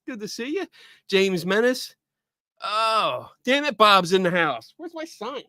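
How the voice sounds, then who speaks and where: Excitable, high-voiced male stream host. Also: no echo, studio quality. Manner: excitable, greets viewers by name in quick asides. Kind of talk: casual live-stream chat.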